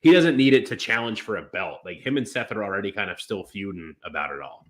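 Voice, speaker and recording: A man's voice: lowish voice, expressive, quick pace. A man co-hosting a wrestling podcast, talking casually in long rambling turns full of fillers and restarts. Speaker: podcast co-host.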